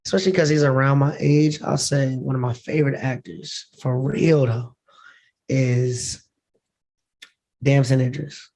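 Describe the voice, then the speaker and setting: A man's voice: mid-range voice, steady tone, measured pace, a little mellow. A young man, an actor guest on a podcast, telling stories in an easygoing, chatty way. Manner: storytelling, easygoing. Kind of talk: casual chat.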